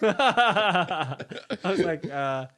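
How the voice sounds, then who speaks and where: Low-voiced playful woman host. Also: animated, drawn-out words, a bit bright, slight background noise. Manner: playful, laughing, chatty questions. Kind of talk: casual interview.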